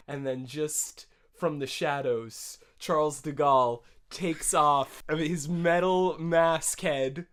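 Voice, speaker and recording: A man co-hosting a podcast and spinning an improvised comic story. He talks slowly, in a smooth, clear voice, with stammering repeats. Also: fairly high pitch, steady tone, a bit bright. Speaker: podcast co-host.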